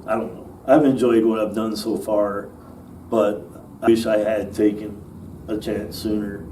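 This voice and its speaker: Man, actor, casual interview, rambling storyteller, dark relaxed tone, far from the mic. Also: fairly low pitch, measured pace. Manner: rambling, many fillers and restarts, laughs while telling stories. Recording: distant mic with faint noise.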